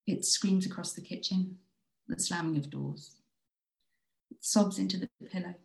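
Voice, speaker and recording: A woman reading her own spoken-word poem in a slow, soft, intimate way. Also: fairly low pitch, fairly even intonation, vocal fry, echoey room, poor audio. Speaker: writer reading her piece.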